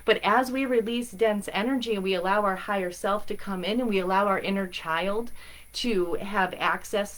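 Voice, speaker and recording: This stream host, a spiritual reader from Massachusetts, has a fairly low voice with a fairly bright tone. She rambles in a bubbly way as she offers spiritual guidance live.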